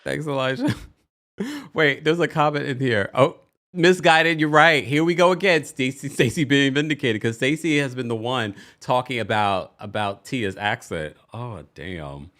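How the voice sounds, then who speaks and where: A man hosting a live call-in show, playful and quick with asides. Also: medium pitch, lively intonation, a bit bright. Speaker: host.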